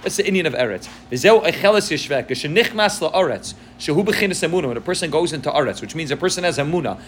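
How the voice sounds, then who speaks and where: Man, Torah class lecture, rapid delivery, Hebrew and Yiddish terms mixed into English, explains line by line. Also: on the high side, lively intonation, a little hiss or hum. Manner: explains text line by line, checks in with "right?". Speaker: Torah teacher.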